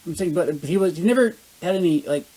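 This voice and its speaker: A man's voice: high-pitched, animated, fast talker, warm tone, slightly rough, low-quality recording. A young man, a bit drunk, telling loose profane stories in a casual chat over beers. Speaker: guest.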